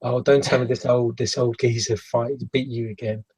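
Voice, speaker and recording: A man voicing a bubbly, teasing young girl in a tabletop game, with a high, fussing voice. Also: steady tone, normal speed, darkish tone, slightly rough, close to an everyday voice, rough recording. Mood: cheerful.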